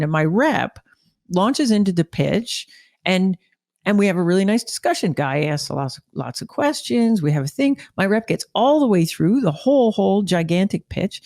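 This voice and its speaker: Gravelly-voiced woman telling a work story. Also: on the low side, a little mellow, no room sound, studio quality. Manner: chatty, frequent "like" fillers, acts out quoted voices. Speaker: podcast host. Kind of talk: storytelling monologue.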